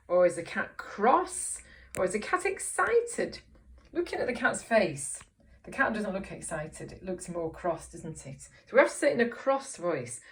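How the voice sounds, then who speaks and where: Lady teacher, phonics lesson for little kids, encouraging, lots of "isn't it?". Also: medium pitch. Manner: encouraging, asks many tag questions. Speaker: primary school teacher. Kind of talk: reading lesson for young children.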